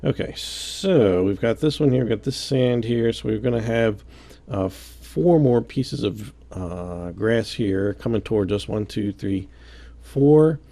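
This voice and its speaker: Male tutorial host, low and gravelly, mellow tone, easygoing self-joking delivery. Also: measured pace. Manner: counts aloud, relaxed and self-joking. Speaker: game building tutorial host. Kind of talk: casual step-by-step building commentary.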